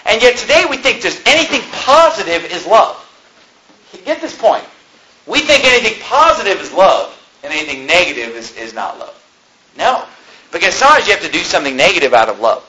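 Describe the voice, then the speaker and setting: A man's voice: high voice, very animated, a little fast, bright, forceful tone, dull audio. A man preaching a sermon as pastor, fervent and emphatic, hammering points home by repeating them. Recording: roomy echo.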